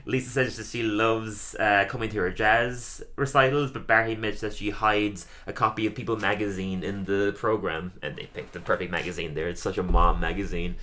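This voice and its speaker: A man's voice: fairly low pitch, steady tone, moderate pace, few pauses, sharp tone. A man co-hosting a podcast, casually recapping a cartoon episode, laughing often and acting out quoted lines. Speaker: podcast co-host.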